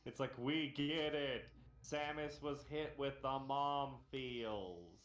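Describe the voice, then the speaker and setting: A man's voice: mid-range voice, takes it slowly, hardly any pauses, fairly bright tone, a little hiss or hum. A man hosting a live stream, ranting in casual, profane banter with a sarcastic, emphatic manner. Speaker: stream host. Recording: echoey room.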